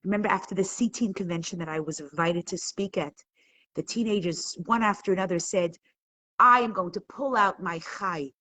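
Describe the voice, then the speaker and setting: A woman's voice: fairly low pitch, normal speed, sharp tone, rough recording. A woman leading a live online class, speaking with emotion and building to emphatic peaks, sometimes stumbling and repeating words when moved. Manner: impassioned, rising to emphatic peaks.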